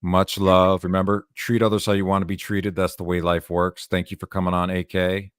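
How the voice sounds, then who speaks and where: A man's voice: low-pitched, level tone, a little fast, clean tone, dry recording, clean studio sound. A man hosting a casual livestream, loose and laughing, swearing freely. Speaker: streamer host.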